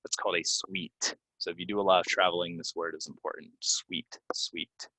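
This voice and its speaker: A man teaching English pronunciation in a relaxed video lesson, explaining casually with plenty of fillers and repeating words slowly. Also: deep voice, dry recording, low-quality recording. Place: Florida.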